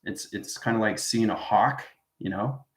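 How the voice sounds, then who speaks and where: A man's voice: fairly low pitch, measured pace. A man teaching an informal spiritual class, rambling and tagging his statements with "right?" as he goes. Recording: roomy echoey room.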